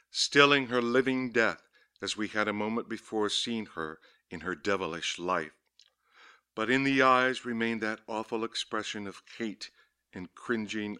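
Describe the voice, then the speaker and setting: A man's voice: fairly low pitch, bright, forceful tone, smooth. Man narrating gothic horror over faint music. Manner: measured, ominous, lingering on words. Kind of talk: dramatic audiobook reading of a horror story.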